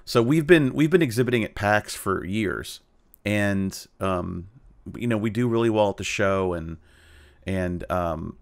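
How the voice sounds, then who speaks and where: A man, a cartoonist being interviewed, telling anecdotes in a relaxed, animated way, with frequent fillers and restarts. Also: fairly low pitch, a little slow, creaky. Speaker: guest, cartoonist and tabletop game player. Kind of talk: casual storytelling interview.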